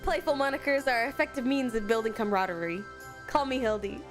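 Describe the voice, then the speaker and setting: A woman voicing a pompous, grandiose male gentleman inspector while reading game dialogue aloud, in a formal, self-important manner. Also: a little high, quick pace, over music, natural voice.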